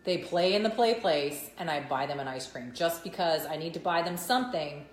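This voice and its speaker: A woman, co-hosting a casual chat with quick, chatty asides. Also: deep voice, animated. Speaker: podcast co-host. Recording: echoey room with faint noise.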